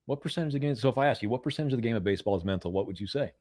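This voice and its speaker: A man's voice: medium pitch, very fast, no room sound. An American man in his forties, a performance coach, telling stories in an interview with lots of repeated words. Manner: animated, repeats words, acts out quoted voices loudly. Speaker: mental performance coach, guest. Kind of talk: conversational interview storytelling.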